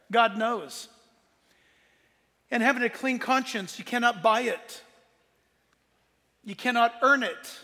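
A man preaching in a very high, gravelly voice, bright and edgy in tone. He jokes, laughs and bursts into shouts as he teaches, and a long hall reverb trails every line. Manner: animated and joking, laughing often, shouting at times. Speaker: pastor. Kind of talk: sermon.

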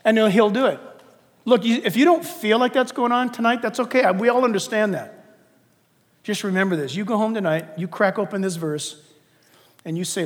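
A man preaching a sermon with dynamic delivery, swinging from loud emphasis to hushed, confiding asides. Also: high-pitched, normal speed, pauses often. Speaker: pastor. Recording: long hall reverb.

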